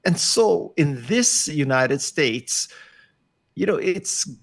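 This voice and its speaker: An older man with a gravelly, creaky edge to his voice talks as a guest over a video call. He is wry and self-deprecating and leans hard on his points. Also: a little high, lively intonation, slow.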